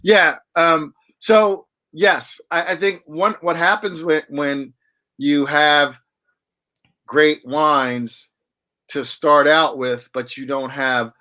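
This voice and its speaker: A man's voice: on the high side, fairly even intonation, slow, sharp tone. A man telling stories in a casual interview, full of restarts and fillers. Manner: rambling, many restarts and fillers. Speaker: wine auctioneer and guest.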